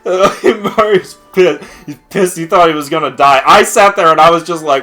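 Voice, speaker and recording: A man's voice: on the high side, normal speed, hardly any pauses, bright, forceful tone, soft background music. A young man chatting casually during a gameplay session, telling stories with frequent laughter and swearing. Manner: laughing, profane storyteller. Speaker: co-host of a gaming stream. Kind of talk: casual chat.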